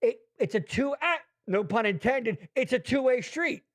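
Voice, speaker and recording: A man hosting a podcast, rambling in casual profane chat with big swings in pitch. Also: moderate pace. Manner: rambling, swears constantly, animated swings in pitch. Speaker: podcast host.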